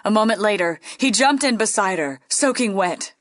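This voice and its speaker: A woman's voice: medium pitch, animated, moderate pace, no echo. Woman telling a ghost story, dry and close. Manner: playful, dips into hushed whispers. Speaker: guest storyteller. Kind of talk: reading a ghost story aloud.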